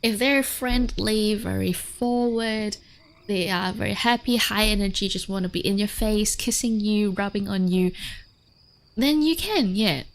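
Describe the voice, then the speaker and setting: Slow-talking casual woman streamer. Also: medium pitch. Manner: chatty, swears, laughs often, many fillers. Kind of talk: casual livestream chat.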